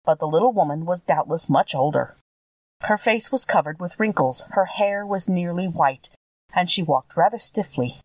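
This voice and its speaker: A woman reading a children's classic aloud as a narrator, in a measured, expressive style. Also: on the low side, no room sound, recorded from a distance, poor audio. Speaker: audiobook reader. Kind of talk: storybook narration.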